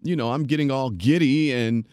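A man's voice: mid-range voice, moderate pace, a little mellow, dry recording. A man hosting a podcast interview in casual chat, enthusiastic and affirming, often restarting his sentences. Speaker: podcast host.

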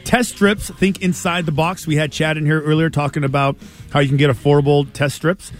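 A man's voice: a little high, steady tone, fairly quick, soft background music. A man hosting a sports radio show, thanking sponsors in a rambling, casual way during a long broadcast.

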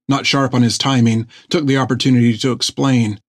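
A man reading a story aloud in scripted narration, with an even storytelling manner. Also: medium pitch, a little fast, dry recording, studio quality. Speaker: audiobook narrator.

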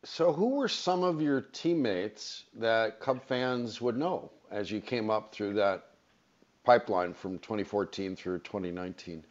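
Chatty sports radio host. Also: male voice, fairly low pitch, a little slow, highs cut off. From San Fernando Valley, California. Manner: chatty, wordy questions.

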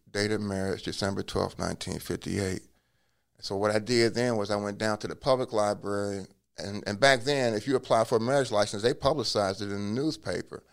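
A man telling his life story in a relaxed interview, acting out what people said to him. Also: lowish voice, vocal fry. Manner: acts out quoted dialogue in a lively way; casual, drops curse words. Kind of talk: conversational storytelling.

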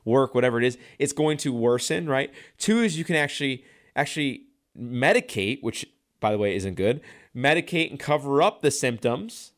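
A male chiropractor delivers an energetic, motivational talk in a mid-range voice. He keeps checking in with "right?" and often repeats words or restarts his sentences as he drives his point home. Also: mid-range voice, moderate pace. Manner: repeats himself, frequent restarts.

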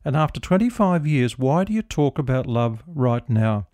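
A man's voice: mid-range voice, very animated, normal speed, darkish tone, no room sound, natural voice. A man reading as a weary practical wife. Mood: brusque.

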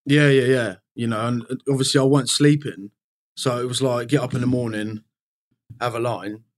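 A man's voice: mid-range voice, steady tone, normal speed. A man talking frankly as a podcast guest in casual conversation, rambling and swearing freely, with lots of "you know".

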